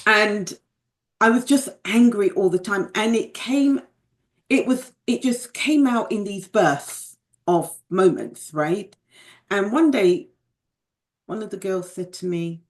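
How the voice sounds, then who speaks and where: A woman's voice: medium pitch, takes it slowly. A middle-aged British woman, a guest from the United Kingdom, telling her personal story in a reflective, candid way, with remarks about faith.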